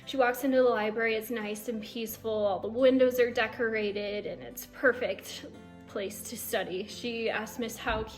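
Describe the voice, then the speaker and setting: A woman with a fairly high voice tells students a lively first-day-of-school story, voicing the quotes as she goes. Her delivery is upbeat and brisk. Faint music plays behind her. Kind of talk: casual spoken storytelling.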